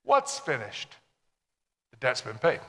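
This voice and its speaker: A man's voice: medium pitch, wildly swooping pitch, slow pace, fairly bright tone, big-room sound. A man preaching a sermon to a congregation, emphatic and full of questions to the listeners. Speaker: pastor.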